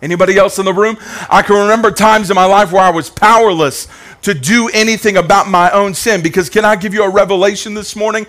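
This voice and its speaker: A man's voice: high voice, fairly even intonation, fast, fairly bright tone. A male pastor preaching a sermon with fervent energy, a sing-song cadence and repeated phrases, calling out to the congregation. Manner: calls out to the congregation.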